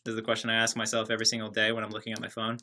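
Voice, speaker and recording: A man's voice: fairly low pitch, monotone, racing, pushed and bright, slight background noise. A man casually chatting on a livestream, reading viewer comments and answering them in a sarcastic, joking, rambling way. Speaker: livestream host reading chat. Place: separate building, alone.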